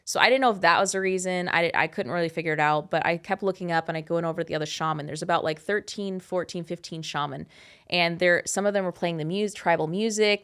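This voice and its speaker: A woman in her thirties telling a personal story in a casual, animated, candid way, with frequent swearing. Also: fairly low pitch, smooth. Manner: animated, candid and profane, with many "like" fillers. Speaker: host.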